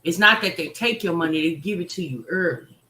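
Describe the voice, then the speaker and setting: A woman's voice: fairly low pitch, a little fast, bright, forceful tone, roomy sound. A woman hosting a reaction livestream, chatting and teasing, talking straight to her viewers. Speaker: reaction channel host. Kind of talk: casual livestream commentary.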